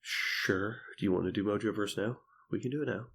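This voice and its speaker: Casting: young male podcast co-host, low gravelly voice, profane and jokey, quick to laugh and act out quotes. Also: a bit bright. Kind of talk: casual podcast chat.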